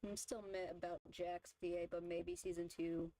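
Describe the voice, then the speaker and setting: A woman's voice: on the low side, little pitch movement, moderate pace, dark tone, dry recording, rough recording. A woman streamer in casual chat, rambling through her opinions with lots of fillers and restarts. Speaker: vtuber streamer. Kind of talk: casual chat while drawing.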